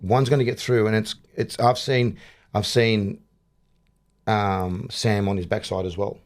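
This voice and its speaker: A man's voice: on the low side, level tone, unhurried. A middle-aged man with an Australian accent, a boxing coach chatting in an interview, rambling and restarting his sentences. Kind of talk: casual interview chat.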